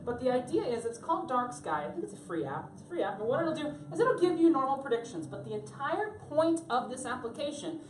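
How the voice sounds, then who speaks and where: Woman from Florida, fairly high voice, presenting live to a crowd, jokey and animated; roomy echo with faint background hum. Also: fast talker, few pauses. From Florida, USA. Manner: chatty, joking, animated. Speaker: tech presenter. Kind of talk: live talk to an audience. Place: room on a cruise ship.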